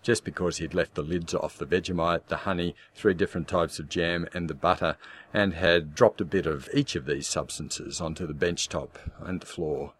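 A man in scripted audiobook narration with a measured, darkly wry storytelling manner. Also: deep voice, fairly even intonation, fairly bright tone, slightly rough.

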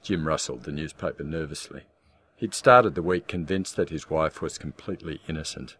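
A man in scripted audiobook narration with a measured, darkly wry storytelling manner. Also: rumbling low, a bit bright, breathy edge.

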